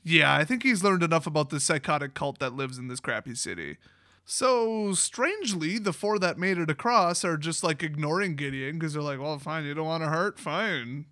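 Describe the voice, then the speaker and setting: High-voiced sarcastic storyteller man. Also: sing-song, normal speed, bright, forceful tone, no room sound, studio quality. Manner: sarcastic, mocking, laughs often. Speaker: card game channel host.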